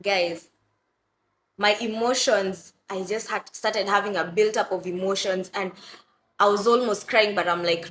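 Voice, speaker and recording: A young Kenyan woman with a Kenyan accent, telling a personal story to her viewers in a lively, casual way. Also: mid-range voice, unhurried, roomy sound, a little hiss or hum. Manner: animated, addresses viewers as "guys", acts out quotes. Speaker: vlogger.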